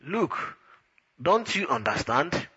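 A man's voice: on the high side, sing-song, slow, bright, forceful tone, slightly rough, big-room sound, muffled recording, full character voice. A man voicing an exasperated young Englishman who answers with sarcasm. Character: flustered indignant Englishman, young adult male.

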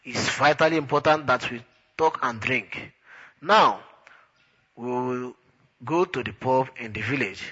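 A man's voice: mid-range voice, a little slow, pauses often, pushed and bright, breathy edge, lo-fi sound. A man voicing an urgent, insistent friend who keeps pressing his point. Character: urgent, distracted male friend, adult.

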